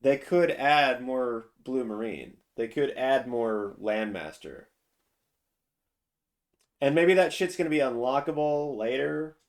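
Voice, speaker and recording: A man's voice: medium pitch, animated, slow pace. A man streaming a casual, profane rant while reacting to a game trailer, restarting his sentences often. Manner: drawling and profane, with frequent restarts.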